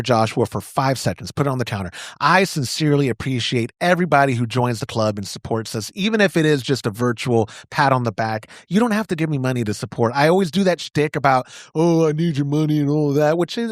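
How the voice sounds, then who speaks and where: Lively, joking Texan man on a dry mic. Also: medium pitch, no room sound. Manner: joking, playful, self-mocking. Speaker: podcast host. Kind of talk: casual podcast chat.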